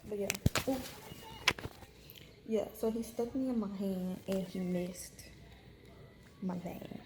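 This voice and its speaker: A woman's voice: medium pitch, slow pace, long pauses, reverberant, very noisy. A young woman vlogger telling a story to camera in a frank, chatty way with many fillers. She is unwell and in pain. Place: hospital room.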